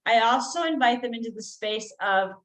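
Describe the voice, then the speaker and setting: A middle-aged woman guest on a podcast, talking in an earnest coaching tone and slowing down to stress key phrases. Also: on the high side, lively intonation, a bit bright, low-quality recording. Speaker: guest healer. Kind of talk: conversational podcast interview.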